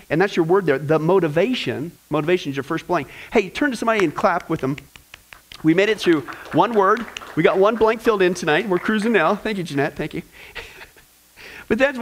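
A man preaching a church teaching sermon as pastor, lively and full of joking asides to the congregation. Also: high voice, rough recording.

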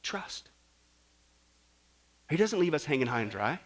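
A man preaching a sermon, animated and jokey, acting out stories and swinging between loud and soft. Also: on the high side, unhurried. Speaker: pastor.

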